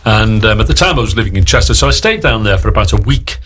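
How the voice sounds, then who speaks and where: A man's voice: fairly low pitch, expressive, fast, fairly bright tone, a little hiss or hum. A man in his sixties from Liverpool, with a Liverpool accent, telling rambling show-business stories as a guest on a radio interview. He keeps acting out what other people said. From Liverpool, England. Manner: rambling storyteller who acts out other people's lines. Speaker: guest actor.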